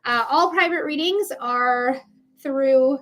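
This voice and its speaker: A high-pitched woman talks through a live-stream reading in a loose, chatty way. She is blunt and drops swear words casually as she explains things to the viewer. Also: takes it slowly, a bit bright. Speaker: psychic reader.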